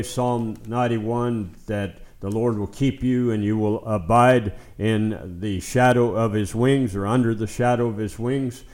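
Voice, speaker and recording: A man's voice: fairly low pitch, a little mellow. A man preaching a sermon in an earnest voice, rising into pleading as he voices prayers and psalms. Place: Kenya.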